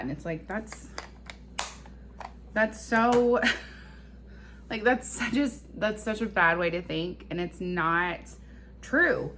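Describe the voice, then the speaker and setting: A woman's voice: medium pitch, slow, long pauses, background noise. A woman and mother talking in a rambling, emotional, confessional way to her vlog audience. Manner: rambling, emotional self-talk. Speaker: vlogger and mother.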